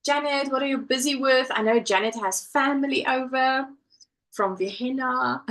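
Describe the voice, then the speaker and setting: A woman's voice: high-pitched, normal speed, a bit bright, rough recording. A woman hosting a casual crafting live stream from home, chatting and reading viewer comments aloud. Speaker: livestream host.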